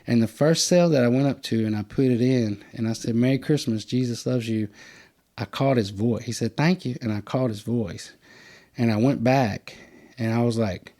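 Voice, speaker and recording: A man, hosting a podcast and telling stories in a casual, animated way, putting on higher voices for the people he quotes. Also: moderate pace. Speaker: podcast host. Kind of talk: casual storytelling chat.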